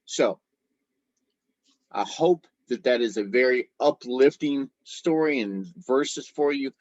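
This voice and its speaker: A man's voice: medium pitch, takes it slowly, dry recording, muffled recording. A man hosting a faith and football show, giving an informal devotional talk and speaking straight to his viewers as "guys".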